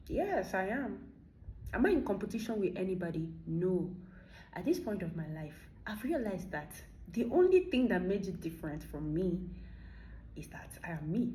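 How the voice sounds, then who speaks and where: A woman's voice: medium pitch, a little hiss or hum. Emphatic Nigerian woman in echoey room. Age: 30s. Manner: emphatic, fires rhetorical questions. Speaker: vlogger. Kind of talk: motivational monologue.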